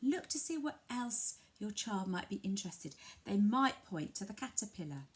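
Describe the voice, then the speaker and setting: An English woman from a family centre explains to parents how to share a picture book, talking gently and patiently and switching to a bright sing-song voice when modelling words. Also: mid-range voice, big pitch swings, moderate pace. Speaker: family centre early language worker. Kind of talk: instructional talk to parents, demonstrating a picture book.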